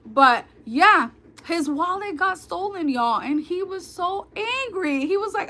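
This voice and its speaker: A woman's voice: extremely high pitch, expressive, a little slow, sharp tone. A woman in her thirties from New York with a New York accent, chatting casually with viewers on a livestream and telling stories. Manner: chatty, storytelling, addresses viewers as y'all. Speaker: livestream host.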